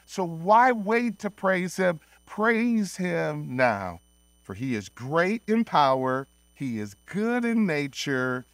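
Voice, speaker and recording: A man in his thirties, a pastor preaching a sermon in a church, earnest and slowing down to stress key phrases. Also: a little high, no room sound. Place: church sanctuary.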